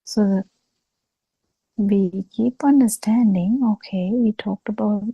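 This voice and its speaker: A woman giving a Buddhist talk over a video call, speaking slowly with halting pauses and fillers. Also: medium pitch, steady tone, slightly rough, no echo, lo-fi sound. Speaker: Buddhist teacher.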